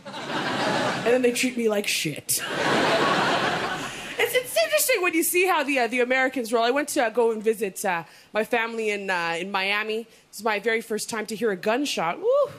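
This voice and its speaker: A young woman from Canada performing a stand-up comedy set, animated and punchy with quick asides. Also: on the high side, background noise.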